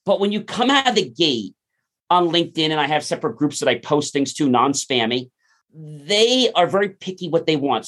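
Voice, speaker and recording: A man, a podcast guest, talking casually and acting out the people in his stories. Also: a little high. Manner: animated, acts out quoted dialogue. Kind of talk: conversational interview storytelling.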